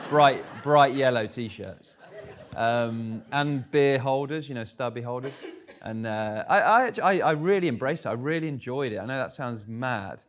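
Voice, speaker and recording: A man's voice: mid-range voice, expressive, unhurried. Candid man telling stories. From England. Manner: candid, anecdotal, self-deprecating. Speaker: guest speaker. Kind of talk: live on-stage conversation. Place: live event stage.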